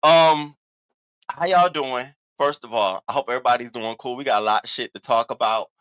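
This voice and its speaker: A man hosting a casual live commentary stream, talking in an animated, sassy and profane way, repeating catchphrases and swinging his voice up high for emphasis. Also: moderate pace, clear, resonant tone. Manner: animated, sassy and profane, with big swoops in pitch. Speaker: livestream host.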